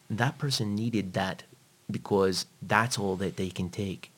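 A fitness trainer in casual conversation, a man with a lowish voice. He talks bluntly and swears freely, and he acts out the things he says to clients. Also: a little slow. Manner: blunt, profane, animated when quoting others. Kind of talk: casual podcast chat.

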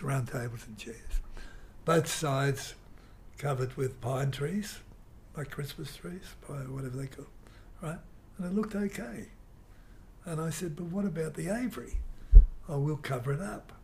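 An older man telling a rambling, animated story in an interview. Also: fairly high pitch, gravelly, a little hiss or hum. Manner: rambling, animated storyteller who mimics guitar sounds. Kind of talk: reminiscing anecdote.

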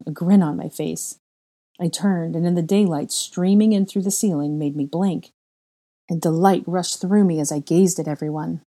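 A woman reading a first-person fan fiction story aloud in a measured, expressive way. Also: fairly low pitch. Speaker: audiobook reader.

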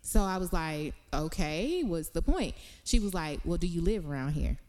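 A woman's voice: fairly low pitch, expressive, normal speed, a little mellow, a little hiss or hum. A young woman, co-hosting a podcast, telling a story in a dry, sarcastic, matter-of-fact way. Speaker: podcast co-host. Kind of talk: casual chat.

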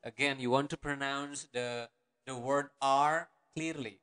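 A man teaching an online language lesson, patiently repeating words slowly and syllable by syllable. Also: a little high, animated, sharp tone.

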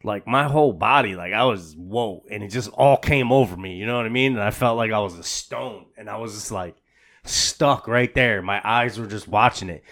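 A man's voice: on the low side, moderate pace, a bit bright. A man co-hosting a podcast, telling a story in casual chat, rambling with many restarts and repeated words, full of profanity and "bro". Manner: slangy and profane, says "bro" a lot. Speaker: podcast co-host.

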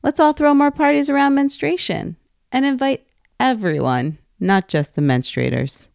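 A woman's voice: sits high, moderate pace, gravelly, a little mellow, dry recording, clean studio sound. A woman hosting the show, reading a playful script in an upbeat tone. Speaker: host. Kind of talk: scripted narration.

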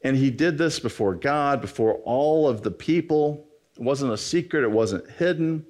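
A man delivers a sermon in a casual, talky style. He breaks into the characters' voices, his pitch climbing as he acts out their exasperated questions, then drops back to his plain middle-pitched speaking voice. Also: moderate pace. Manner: animated, acts out quoted dialogue in a raised voice. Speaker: preacher.

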